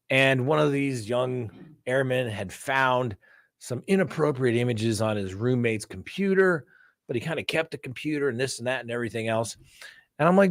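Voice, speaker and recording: A man's voice: medium pitch, no room sound, clean studio sound. A man who works as a defense attorney, hosting a live crime talk stream and telling courtroom stories with a blunt, combative edge, acting out both sides of the exchanges. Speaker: defense attorney and show host.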